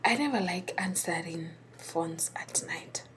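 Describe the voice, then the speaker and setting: A woman whispering a personal story, halting and hesitant with many pauses and restarts. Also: fairly low pitch, animated, a bit bright, a little hiss or hum.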